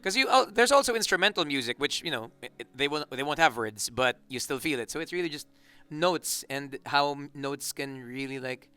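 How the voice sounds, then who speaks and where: A Filipino band member in a relaxed, joking interview chat, rambling with restarts. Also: male voice, fairly high pitch, fairly quick, clean tone. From Philippines.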